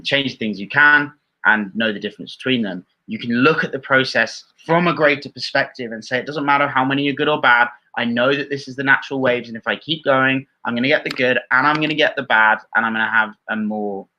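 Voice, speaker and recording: A man's voice: mid-range voice, bright, forceful tone. A man explaining dating advice earnestly on a live Q&A stream. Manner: earnest, explanatory, restarts mid-sentence. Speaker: dating coach co-host. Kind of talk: live Q&A chat. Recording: dull lo-fi stream audio.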